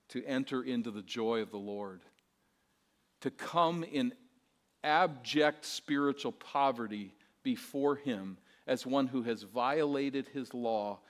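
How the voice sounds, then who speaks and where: A man delivering a sermon as pastor, his voice pitched in the middle range. He preaches earnestly, with rhetorical questions and repetition. His delivery moves between hushed, soft passages and fuller, emphatic ones.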